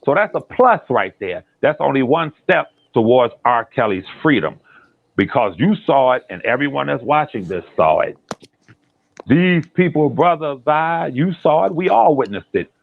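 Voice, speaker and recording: A man, a guest on a call-in commentary chat, talking in an animated, repetitive and emphatic way. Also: medium pitch, moderate pace, creaky. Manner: animated, repetitive and emphatic, drops into imitated quotes. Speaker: guest on a commentary channel, relative of a defendant. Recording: tinny phone line.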